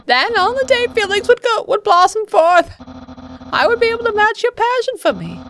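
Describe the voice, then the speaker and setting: A woman voicing a loud, vain, boastful skeleton man from a video game, in a brash theatrical way. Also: extremely high pitch, very animated, normal speed, slight background noise, voice pushed up, exaggerated voice. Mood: dramatic. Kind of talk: game dialogue read aloud in character.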